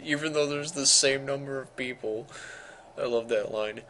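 A man's voice: medium pitch, normal speed, slight background noise, poor audio. A man giving casual, joking commentary on gameplay. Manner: joking and chatty. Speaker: let's player. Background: loud game music.

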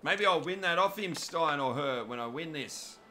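Australian male streamer, fairly high pitch, bright forceful tone, cheeky live game commentary. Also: lively intonation, moderate pace, a little hiss or hum. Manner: cheeky, joking, chats to viewers by name. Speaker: gaming commentator.

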